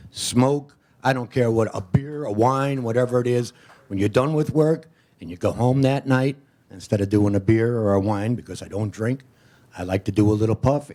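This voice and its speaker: A man's voice: medium pitch, darkish tone. Seventy-year-old man, plainspoken, easy public comment. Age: 70s. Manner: plainspoken, casual. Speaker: audience member giving public comment. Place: meeting hall.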